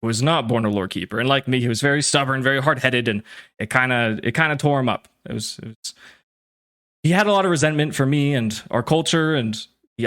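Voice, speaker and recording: A man voicing a stubborn older father who tells his story in halting, rambling bursts. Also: medium pitch, a bit bright, lightly acted. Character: stubborn older Draconid father, wistful and gruff.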